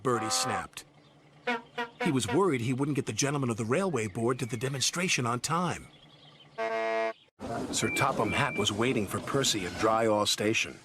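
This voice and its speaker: Lively male storybook narrator. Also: lowish voice, moderate pace, noisy background. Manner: lively, animated telling. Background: background music.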